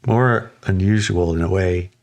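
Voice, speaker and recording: A man in casual conversation, telling a story in an animated way and acting out quoted lines. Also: deep voice, unhurried, vocal fry. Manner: animated, acts out quotes in raised voices, laughs often.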